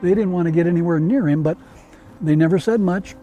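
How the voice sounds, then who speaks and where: A man hosting a talk show, telling a story in casual chat with animated, emphatic repetition that builds suspense. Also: sits high, fairly quick, lo-fi sound, faint music behind. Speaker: radio show host.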